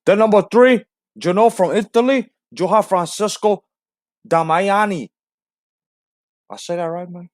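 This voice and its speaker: A man's voice: high voice, measured pace, pauses often, no room sound, studio quality. A man voicing a swaggering, foul-mouthed Cuban gangster who taunts and boasts, tacking "man" onto nearly every phrase. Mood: boastful.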